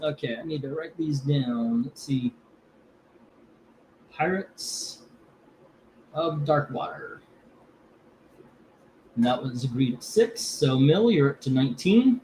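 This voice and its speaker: A man hosting a casual live comic book auction. He rambles between lot calls, curses freely and gets heated before calming himself down. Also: mid-range voice, slow pace, pauses often, slight background noise. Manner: rambling, cursing, gets heated over politics then calms down.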